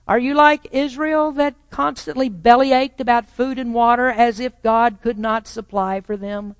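A pastor preaching a sermon to a congregation, swinging between loud proclaiming and quiet, probing rhetorical questions. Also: medium pitch, steady tone, a little slow, few pauses, clear, resonant tone. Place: church sanctuary with a congregation. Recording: long reverb of a large church hall.

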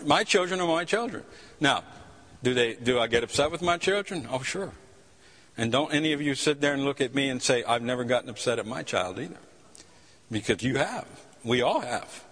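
Preacher in a reverberant church hall. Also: male voice, medium pitch, a bit bright. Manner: impassioned storytelling preacher with repeated restarts. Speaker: pastor. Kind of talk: sermon.

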